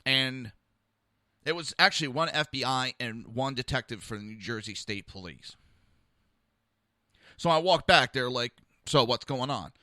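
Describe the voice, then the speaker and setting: A man's voice: medium pitch, expressive, measured pace, pauses often, pushed and bright, dry recording. A man hosting a podcast, telling a personal story in a heated, rambling, blunt way. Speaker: podcast host.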